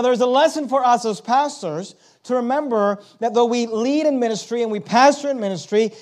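A middle-aged male pastor delivers his sermon in a strikingly high voice. He drops to soft, confiding tones and then rises into loud, emphatic preaching.

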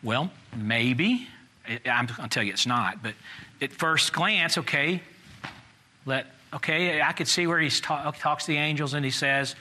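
A man's voice: fairly high pitch, unhurried, pushed and bright. A man leading a Bible study class, thinking aloud in a conversational way and putting questions to the group.

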